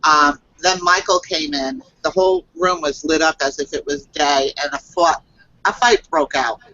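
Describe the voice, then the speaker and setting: A woman who works as a psychic reader tells a personal story on a video call, halting and earnest, with many fillers and restarts. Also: sits low, steady tone, pushed and bright, no echo, muffled recording.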